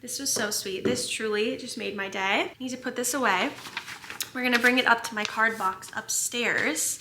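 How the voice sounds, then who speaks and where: An American woman chatting casually in a home vlog, gushing and excitable, with lots of "like". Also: a little high, moderate pace, a little hiss or hum. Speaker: vlogger.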